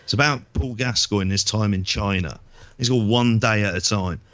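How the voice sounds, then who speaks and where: Low-voiced rambling man. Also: brisk, fairly bright tone, no room sound. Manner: rambling storyteller, swears freely. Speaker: podcast co-host. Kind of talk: casual chat.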